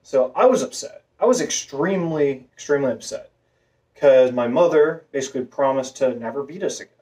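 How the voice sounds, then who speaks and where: A vlogger with a masculine voice telling a long personal story in a rambling way, full of fillers and restarts. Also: male voice, mid-range voice, expressive, fairly quick, warm tone. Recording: voice a bit far from the mic.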